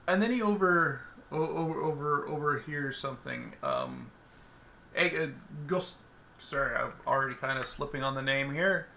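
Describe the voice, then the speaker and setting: A man talks his way through a solo tabletop game, wandering and restarting his sentences as he invents the scene. His voice sits a little high, bright and crisp, with a gravelly fry. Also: big pitch swings, moderate pace, slight background noise. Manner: meandering, many fillers and restarts.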